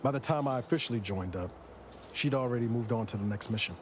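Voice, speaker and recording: Speaking quickly in a natural mid-range voice over a noisy background, a man plays a worn-out space agent in game dialogue. The delivery is dry, wry and reflective, the mood wistful, and music sits behind the game audio.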